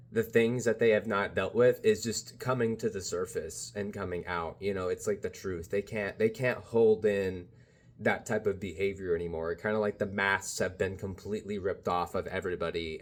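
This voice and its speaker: A man with a fairly low voice talks straight to camera in a loose, rambling vlog monologue. He keeps circling back with "you know" and "like" and sounds like he is chatting with a friend. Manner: rambling, many fillers like "you know" and "bro". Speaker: spiritual vlogger.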